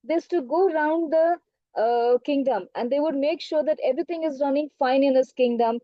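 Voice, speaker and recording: A woman teacher with an Indian English accent tells a story to an online class, frequently checking in by asking the class questions. Her high voice moves fairly quickly, and the online class audio is lo-fi with no room sound.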